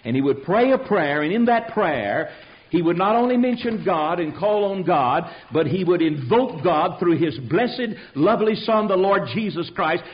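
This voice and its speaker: A man's voice: high voice, lively intonation, moderate pace, dull audio. A man preaching a fiery sermon, emphatic and rhetorical, calling out questions to his congregation.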